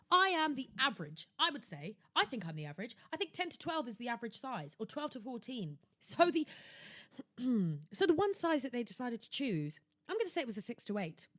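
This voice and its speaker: Young woman, podcast host, sarcastic and theatrical, high lively voice, dry close sound. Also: dry recording. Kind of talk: casual solo podcast rant. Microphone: laptop setup at home.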